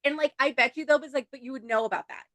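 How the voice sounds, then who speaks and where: A woman's voice: high-pitched, rapid-fire, fairly bright tone, dry recording. A woman co-hosting a casual book-review podcast, talking bluntly with frequent swearing and giggles. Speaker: podcast co-host.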